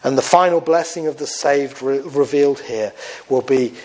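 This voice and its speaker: A man preaching an evangelistic sermon. He talks earnestly, slowing down and growing softer when he appeals to his listeners. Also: medium pitch, poor audio. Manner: tells a parable with lifted, animated quoted voices.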